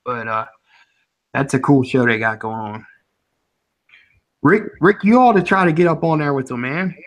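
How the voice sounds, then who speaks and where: A man's voice: medium pitch, expressive, normal speed, a bit bright. A man from the Philadelphia area hosting a casual chat, rambling and chatty, often breaking into laughs.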